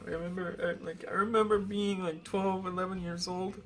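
With slight background noise, a young man in his twenties talks a little fast in a high-pitched voice on a live stream. His story rambles and is full of profanity, and his excitement is so strong he is on the verge of tears.

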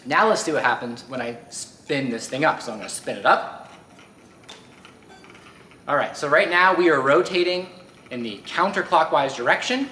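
A man's voice: medium pitch, sharp tone, a little hiss or hum. A man explaining physics step by step as he demonstrates with a spinning wheel. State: a little out of breath. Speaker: physics teacher. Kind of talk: hands-on science demonstration. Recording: roomy echo, faint ambience.

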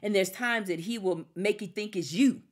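A woman's voice: medium pitch, moderate pace. Fervent preaching woman. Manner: fervent, exhorting, quotes God and the devil in acted voices. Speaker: ministry show co-host. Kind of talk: casual faith talk, preaching.

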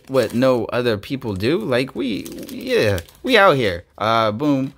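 A man hosting a casual card-opening video, excitable, swinging from quiet muttering to loud bursts, his voice going hoarse. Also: mid-range voice, takes it slowly, hardly any pauses, a little hiss or hum. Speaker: YouTube host opening trading cards.

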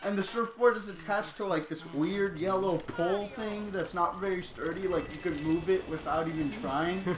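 A man's voice: high-pitched, moderate pace, few pauses. Young guy swearing through a story. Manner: profane, laughing, animated storyteller. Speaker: gaming channel co-host. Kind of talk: casual storytelling over gameplay. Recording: echoey room with game music. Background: video game music.

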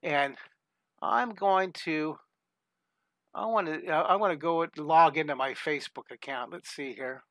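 A man's voice: fairly high pitch, measured pace, fairly bright tone, dry recording. A middle-aged man hosting a live online drawing lesson for young kids, upbeat and encouraging, greeting viewers by name as he draws. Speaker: art teacher hosting a live drawing class.

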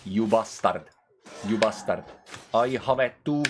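A man's voice: on the low side, takes it slowly, background noise. A man commenting on his own gameplay, trash-talking the game's enemies and breaking into sing-song scatting. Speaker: gaming channel host. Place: at a computer, playing a game. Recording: loud keyboard clicking behind voice.

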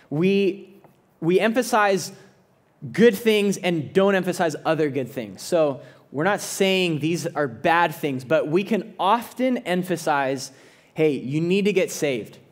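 A man's voice: high voice, expressive, takes it slowly. A man preaching a sermon as a pastor, earnest and conversational, often restarting his phrases.

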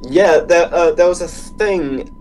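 A man's voice: on the high side, slow, a little mellow, a little hiss or hum, low-quality recording. A fifteen-year-old boy from England, chatting eagerly as a podcast guest, giggling often. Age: teens. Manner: eager, giggly, fillers and restarts. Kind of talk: casual podcast chat.

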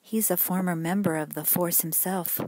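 A woman's voice: on the low side, fairly even intonation, normal speed, a little mellow, dry recording, close to an everyday voice, poor audio. A woman voicing an earnest teenage sleuth. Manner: earnest, anxious. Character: earnest eighteen-year-old boy sleuth.

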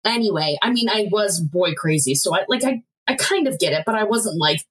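A woman's voice: medium pitch, animated, brisk, rough recording. A woman in her thirties co-hosting a podcast, casually recapping a TV episode, laughing often and swearing freely. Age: 30s. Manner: laughs often, swears, acts out characters' lines. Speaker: podcast co-host.

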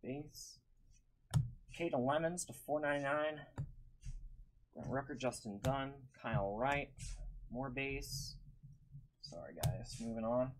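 A man's voice: medium pitch, takes it slowly, long pauses, very noisy. A man hosting a live-streamed card break, calling out each card and chatting with viewers by name.

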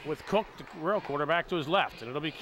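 Raised-pitch man calling high school football. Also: a faint crowd. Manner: measured, steady play calling with occasional fillers. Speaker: play-by-play announcer. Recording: outdoor stadium noise behind the voice.

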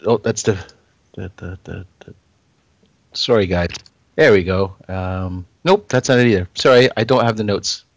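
Male guest host, lowish voice, fumbling and flustered, dry mic. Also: moderate pace, dry recording. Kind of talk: casual podcast chat.

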